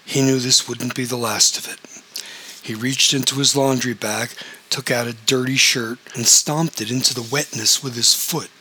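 Bright, husky male narrator. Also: medium pitch, steady tone, moderate pace, poor audio. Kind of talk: audiobook fiction reading.

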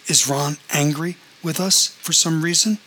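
A man reading aloud, voicing a grown sister in a storybook who tries to smooth things over, with a lightly raised, gentle tone. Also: a little high, measured pace, pitched above the performer's own voice. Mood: placating. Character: grown woman, a placating sister.

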